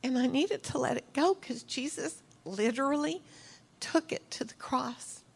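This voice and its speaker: A middle-aged woman giving a heartfelt sermon as a church speaker, telling stories earnestly and emotionally, sometimes dropping to a soft whisper. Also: high voice, a little slow, gravelly, husky. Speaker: church speaker leading prayer.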